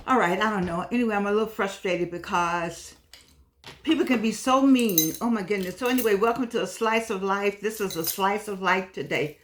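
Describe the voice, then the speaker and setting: A woman's voice: mid-range voice, a little fast, slight background noise. An older woman hosting her own video talk, chatting casually and repeating herself, calling viewers pet names like darlings and sugar pies, a little frustrated today. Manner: warm-hearted, repetitive, pet names for viewers. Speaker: vlog host.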